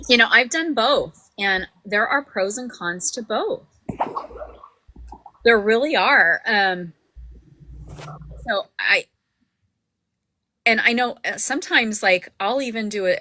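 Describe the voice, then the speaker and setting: A woman hosts a casual livestream book discussion, her voice bright and forward. The sound is dry and close, with no room around it. She rambles, restarting sentences and filling gaps with "um" and "you know.". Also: mid-range voice, no room sound, rough recording. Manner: rambling, full of fillers and restarts. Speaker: book club host.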